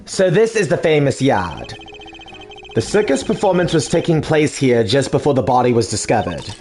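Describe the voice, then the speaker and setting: A man voicing a composed, formal male attorney in a game dub, in a measured manner. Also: medium pitch, sing-song, a little mellow, soft background music, pitched below the performer's own voice.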